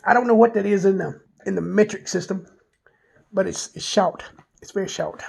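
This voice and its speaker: A man's voice: sits high, moderate pace, vocal fry, darkish tone, breathy edge. A man with a Southern US accent candidly telling rambling, self-deprecating stories about his past, full of filler words. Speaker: vlogger. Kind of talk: personal storytelling monologue.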